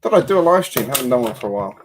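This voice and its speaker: A man's voice: mid-range voice, big pitch swings, very fast, slight background noise. Chatty man live-streaming from home. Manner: chatty, rambling, self-deprecating asides. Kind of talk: casual live-stream chat. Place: home build room at a computer.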